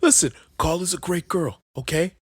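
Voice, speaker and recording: A man's voice: fairly high pitch, moderate pace, breathy edge, no echo. A man playing a smug new husband who keeps soothing his wife's ex with "listen" and "okay". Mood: placating. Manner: placating, repeats "listen" and "okay".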